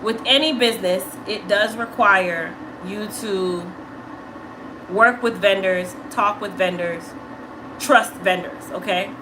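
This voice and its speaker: A woman's voice: medium pitch, slow pace, noisy background. A woman who owns a hair care business, telling viewers a story in an assertive, emphatic manner and often checking in with "okay?".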